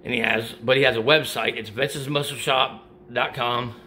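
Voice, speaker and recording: With a mid-range voice, fairly even intonation, and normal speed, a middle-aged vlogger sounds pushed and bright as he casually discusses workout gear and supplements. He's panting after a workout and keeps rambling and restarting his sentences. There's slight noise in the background.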